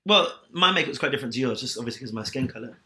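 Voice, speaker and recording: A man chatting away on a podcast at a quick clip. His voice sits at an ordinary middle pitch, and he slips into laughs easily as he talks. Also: animated, pushed and bright. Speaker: podcast co-host. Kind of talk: casual chat.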